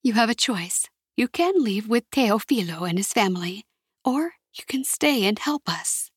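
A commanding woman leader gives firm, urgent orders, as a woman reads her. Her voice is slightly husky, close and dry, with no room around it. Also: a little high, expressive, a little slow, dry recording.

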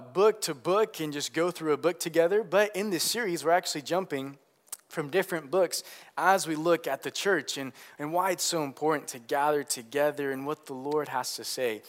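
A young man preaching as a pastor, earnest and animated, with many fillers and restarts. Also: on the high side. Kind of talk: sermon.

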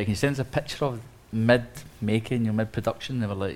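Low-voiced guy rattling through a story fast, lots of restarts and acted-out quotes. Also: a little hiss or hum. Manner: animated storyteller who acts out quotes, many restarts. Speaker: interior designer. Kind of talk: anecdote on a live panel talk.

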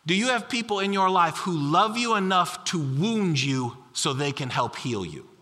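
A man's voice: high-pitched, lively intonation, moderate pace, pushed and bright, in a large hall. A middle-aged male pastor preaching a sermon, telling stories with acted quotes and repeating key lines. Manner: storytelling with acted quotes and repetition.

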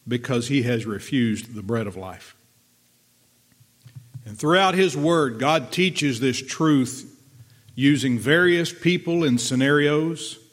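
A middle-aged man preaches through a Bible passage in an earnest, conversational way, at an ordinary middle pitch. He turns to the listener with rhetorical questions and reads the scripture aloud as he goes. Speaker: pastor. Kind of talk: verse-by-verse Bible teaching.

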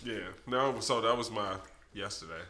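A man's voice: on the low side, moderate pace, bright, forceful tone, reverberant, slight background noise. A man co-hosting a casual podcast, telling a long profane story with lots of animation. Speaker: podcast co-host.

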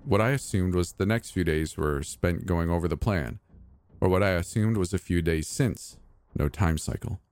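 Deep-voiced man narrating a horror story. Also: normal speed, a little mellow. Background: faint music.

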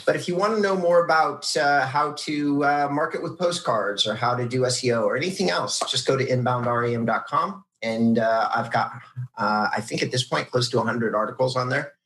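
A man's voice: medium pitch, a bit bright. A man hosting an interview, talking casually with plenty of ums and uhs. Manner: halting, many ums and uhs. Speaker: podcast host. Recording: roomy echo.

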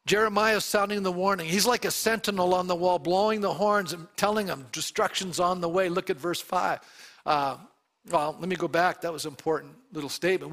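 A man's voice: high-pitched, a bit bright. A middle-aged male pastor preaching a sermon, reading scripture aloud and putting questions to his congregation. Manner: reads scripture aloud with emphasis.

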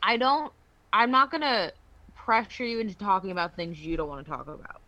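A woman's voice: medium pitch, a little fast, sharp tone, dry recording, highs cut off. A woman hosting a podcast in casual chat, friendly and giggly as she moves the talk along. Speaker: podcast host.

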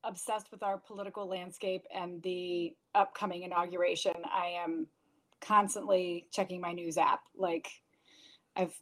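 A woman's voice: on the low side, flat delivery, moderate pace, fairly bright tone. A woman guest on a casual podcast, answering with easy laughter and a self-aware tone. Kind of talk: casual interview chat.

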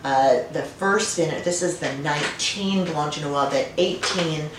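Middle-aged woman guest, low voice, recorded far from the mic in an echoey room. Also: unhurried. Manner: warm storytelling with frequent fillers and restarts. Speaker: winemaker guest. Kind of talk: casual conversational interview. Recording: roomy and distant, faint noise.

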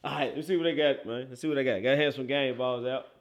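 A man from Memphis with a Southern accent hosting casual sports talk, excitable and often laughing and exclaiming. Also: medium pitch, quick pace. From Memphis, Tennessee. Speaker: sports show host.

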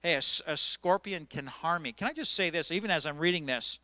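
High, bright-voiced man preaching. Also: a little fast, no echo. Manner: earnest, urging, repeats words when stressing a point. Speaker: pastor. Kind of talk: sermon.

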